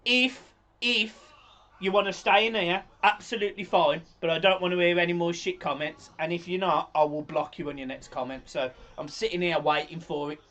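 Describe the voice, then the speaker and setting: A man's voice: high voice, steady tone, fairly quick, fairly bright tone. A man co-hosting a football watch-along stream, talking bluntly with swearing in casual banter. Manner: blunt and swearing, scolds chat then gushes.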